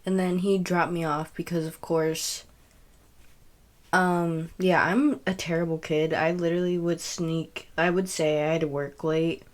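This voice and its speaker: Young woman, low voice, casual storytelling, rambling, swears. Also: flat delivery, unhurried. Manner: rambling, frequent fillers and self-corrections, swears. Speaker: podcast host.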